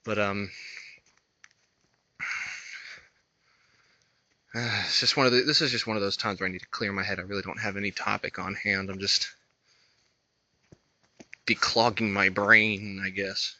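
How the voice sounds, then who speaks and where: A man's voice: lowish voice, fairly even intonation, bright, forceful tone, no echo, rough recording. Young man with a slight lisp, walking. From North Carolina. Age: 20s. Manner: halting, hesitant, thinking aloud with many pauses. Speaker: vlogger. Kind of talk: rambling walk-and-talk vlog. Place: outdoors on a roadside walk.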